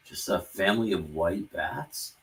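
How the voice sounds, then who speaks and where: A man's voice: sits low, unhurried. A man co-hosting a casual livestream chat, playfully reading viewer messages aloud. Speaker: co-host.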